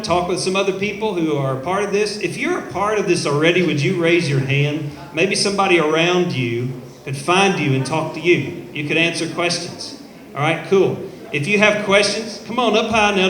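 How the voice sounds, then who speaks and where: A man giving a live sales pitch to an audience, upbeat and persuasive, talking straight to the crowd at an event in a showroom. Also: fairly bright tone. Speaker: company presenter. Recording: echoey room, faint background noise.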